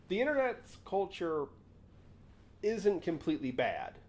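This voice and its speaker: A young man hosting a casual livestream, his voice on the higher side and swinging widely in pitch. He rambles along, interrupting himself and riffing as he goes. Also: big pitch swings, measured pace. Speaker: livestream host.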